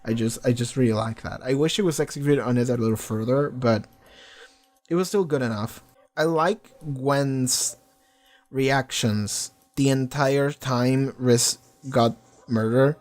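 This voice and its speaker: A man's voice: mid-range voice, measured pace, a little mellow. A man talking through a TV episode in a casual reaction video, rambling with lots of fillers and freely swearing. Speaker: TV reaction vlogger. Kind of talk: casual spoken reaction and discussion.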